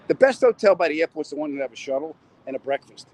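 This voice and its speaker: A middle-aged comedian live-streams while walking city streets outdoors, talking into his phone, joking, and reading viewer comments aloud. His fairly high voice is animated, fast, and a little mellow, though the audio is poor with some hiss or hum.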